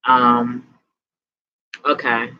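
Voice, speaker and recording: A woman giving tarot readings on a casual live stream, chatting in a relaxed, slangy way, tired and sweaty. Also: very deep voice, drawn-out words, lo-fi sound, slight background noise. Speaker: tarot reader.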